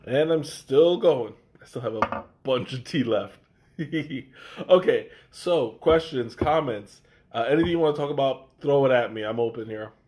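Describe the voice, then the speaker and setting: A man's voice: medium pitch, a little slow, a little mellow. A man chatting casually on a live stream, tasting tea, with a congested voice and a hesitant delivery full of fillers and restarts. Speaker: livestream tea taster.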